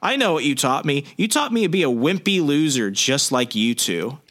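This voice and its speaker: A man's voice: fairly high pitch, very animated, normal speed, fairly bright tone. A man reading the lines of a bullied teenage boy in a resentful, complaining tone.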